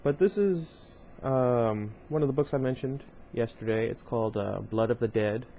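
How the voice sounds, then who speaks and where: A man's voice: mid-range voice, moderate pace, vocal fry, warm tone, a little hiss or hum. A man casually reading a novel aloud at home, breaking off often for rambling side comments full of fillers. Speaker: reader of a book series.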